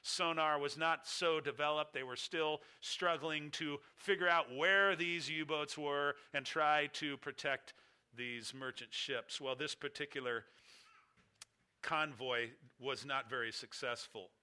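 Middle-aged guy preaching, tells it like a story, repeats for punch, bright sharp voice. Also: on the high side, steady tone, unhurried, clean tone. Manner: storytelling, emphatic repeated phrases. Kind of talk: sermon illustration.

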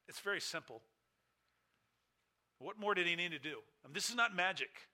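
Male preacher, bright and edgy tone, slightly high, emphatic delivery with big dynamic swings. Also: lively intonation, normal speed, long pauses. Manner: emphatic preaching with wide swings in pitch and volume. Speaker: pastor. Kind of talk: sermon.

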